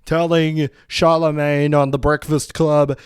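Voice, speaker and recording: A man's voice: fairly high pitch, flat delivery, unhurried, clean tone, dry recording, clean studio sound. A man hosting a solo podcast, reading out news and then ranting in a heated, profane, outspoken way, rambling with many restarts. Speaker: podcast host.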